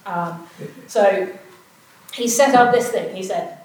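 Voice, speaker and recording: A woman's voice: medium pitch, measured pace, darkish tone. Woman preacher, conversational sermon, recorded at a distance in a big echoey hall. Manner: conversational, asks the listeners questions. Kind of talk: informal sermon. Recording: roomy echo, voice far from mic.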